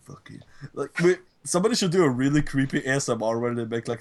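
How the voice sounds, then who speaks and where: A man's voice: mid-range voice, animated, fast. A man co-hosting a casual podcast chat, ranting in a rambling, profane way. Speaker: podcast co-host.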